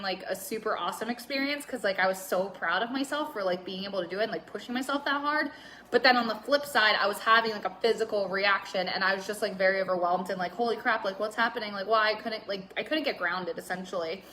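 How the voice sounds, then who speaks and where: A woman's voice: mid-range voice, fast, bright, forceful tone, a little hiss or hum. A young woman talking candidly on a live stream, rambling with lots of filler words and some swearing. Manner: reads out viewer comments. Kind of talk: casual Facebook Live chat.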